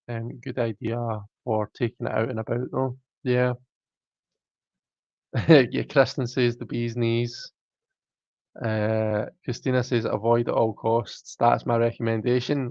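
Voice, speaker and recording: A man's voice: mid-range voice, gravelly, no room sound, muffled recording. A man with a British accent hosting a live stream, casually reading viewer comments aloud and chatting back in a self-mocking way. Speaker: livestream host.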